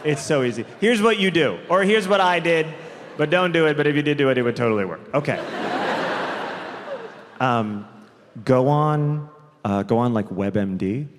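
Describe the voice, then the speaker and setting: A man performing a stand-up comedy set on stage, telling stories deliberately and drawn out, with quick asides. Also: a little high, animated. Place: large theater stage. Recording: live comedy hall with long reverb, faint crowd noise.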